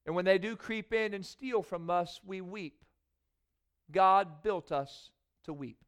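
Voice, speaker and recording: A man preaching a sermon in a church, moving from quiet prayer into rising, emphatic preaching. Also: high voice, takes it slowly, clean tone. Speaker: pastor. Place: church sanctuary.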